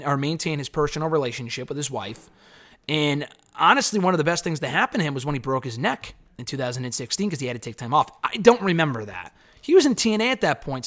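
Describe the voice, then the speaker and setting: A man's voice: on the high side, a bit bright. A man giving a casual, rambling spoken review of a wrestling show, swearing freely and correcting himself as he goes.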